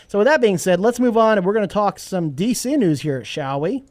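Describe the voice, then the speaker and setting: A man hosting a podcast in casual chat, animated and joking, reading an ad read along the way. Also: high voice, a little fast. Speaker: podcast host.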